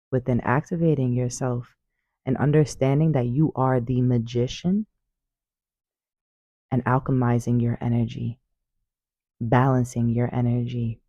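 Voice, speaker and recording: A woman tells spiritual stories straight to her viewers in an animated, emphatic way, repeating key phrases and calling them "baby". Her voice is warm and mellow. The phone recording is dry and slightly dull. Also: extremely low pitch, no room sound. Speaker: spiritual vlogger. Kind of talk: casual storytelling monologue.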